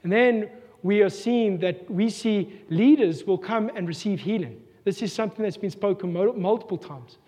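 High-voiced South African pastor preaching. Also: male voice, normal speed, warm tone. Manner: earnest, rhetorical questions, repeats himself. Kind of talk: sermon. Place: church hall. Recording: long reverb of a church hall.

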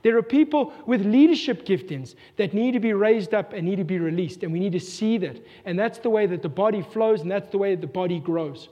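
A man's voice: high-pitched, a little fast, hardly any pauses, dark tone. A man with a South African accent preaching a sermon to his congregation, earnest and full of rhetorical questions, often repeating himself. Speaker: pastor. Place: church hall. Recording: long reverb of a church hall.

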